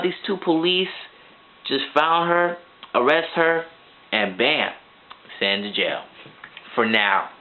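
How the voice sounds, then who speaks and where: A man ranting through a movie review in an excitable, rambling way, now and then shouting. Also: medium pitch. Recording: tinny phone-like sound.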